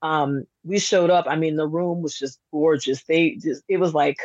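A woman who runs a candle business, a guest on a casual podcast, telling her story in an animated, chatty way with many fillers. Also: low voice, moderate pace, dry recording. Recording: dull lo-fi dry sound.

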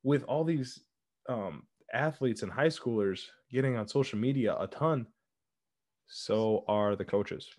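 A young man co-hosts a podcast, telling stories in a relaxed, casual chat. His voice is medium in pitch with a darkish tone, and he speaks at a measured pace.

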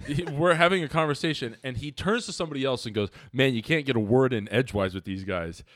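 A young man co-hosting a podcast in casual chat, loud and animated, swearing as he argues his point. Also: medium pitch, quick pace, no echo, studio quality. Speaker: podcast co-host.

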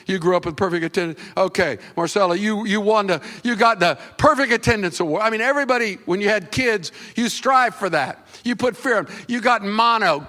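Guy pastor giving a sermon, high bright voice, jokes with the crowd, gets loud doing quotes. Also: moderate pace. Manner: animated, acts out quotes with sudden high loud bursts; conversational, teasing the congregation.

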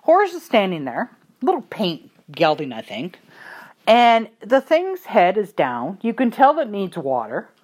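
A woman who trains horses, telling a story in a chatty, blunt, animated monologue. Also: mid-range voice, a little slow.

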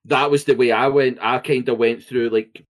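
A man with a Scottish accent, co-hosting a podcast in casual chat, animated and swearing freely. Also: medium pitch, moderate pace. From Scotland. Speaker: podcast co-host.

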